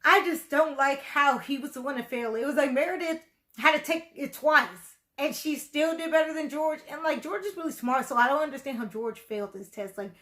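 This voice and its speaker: Woman reacting to a tv show, kinda high voice, rambly and chatty, lots of "like". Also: a little fast, bright, forceful tone. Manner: chatty, rambling, full of "like" and "you know". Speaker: video reactor. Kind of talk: casual reaction commentary.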